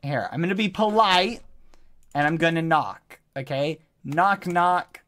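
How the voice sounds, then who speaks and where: A man chats through a live game stream, pleading and apologizing with sudden exclamations. His voice moves very freely up and down in pitch. He talks at a slow, unhurried pace. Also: expressive, fairly bright tone. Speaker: gaming streamer. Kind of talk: live-streamed gameplay chat.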